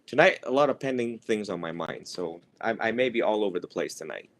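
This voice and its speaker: A man's voice: fairly low pitch, lively intonation, brisk, fairly bright tone. A man teaching students in a loose, joking way, rambling and laughing as he goes. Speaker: monk teacher. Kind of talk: casual teaching talk.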